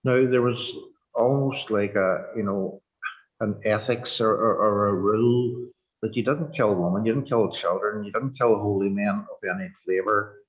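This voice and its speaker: A man in his sixties with a Northern Irish accent, telling his personal story in a halting, earnest way, full of "you know" fillers. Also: lowish voice, dull audio. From Northern Ireland. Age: 60s. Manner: reflective and earnest. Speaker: former prisoner sharing his story. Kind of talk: personal testimony.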